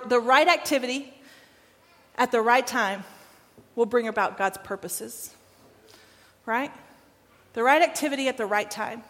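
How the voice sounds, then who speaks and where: A woman's voice: a little high, fairly bright tone, in a large hall. A woman preaching a sermon in a church, conversational and emphatic, repeating her phrases and checking in with the room. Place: church sanctuary.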